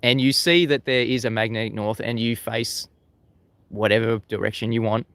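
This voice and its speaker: An Australian man talks through a casual live broadcast in an easy, conversational voice at a mid pitch. He laughs often and doubles back on his words as he goes. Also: steady tone, normal speed, a bit bright, no room sound. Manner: chatty, laughs often, repeats words as he restarts. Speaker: livestream host. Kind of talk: casual live-stream talk, reading chat. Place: outdoors facing the sea at sunrise.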